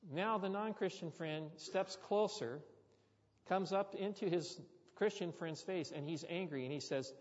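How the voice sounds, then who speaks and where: Delivering a sermon a little slowly, a man with a high-sitting voice tells a story and breaks off for casual jokes with the congregation. Long hall reverb and dull audio color the recording.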